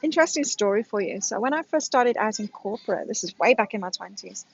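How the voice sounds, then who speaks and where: A woman's voice: medium pitch, expressive, fast talker, vocal fry, slightly rough. Frank woman in her forties, muffled audio. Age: 40s. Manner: candid, frank, addresses viewers directly with "right?". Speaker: astrology reader. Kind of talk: casual storytelling to camera.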